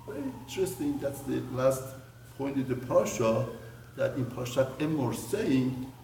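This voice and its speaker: A man, a rabbi, teaching a mussar lesson on the weekly Torah portion, telling a story with lively swings from loud emphasis to hushed murmurs. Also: mid-range voice, normal speed, vocal fry, a little hiss or hum. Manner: animated storyteller, voice rising and dropping to near murmur. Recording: roomy, distant mic with faint ambience.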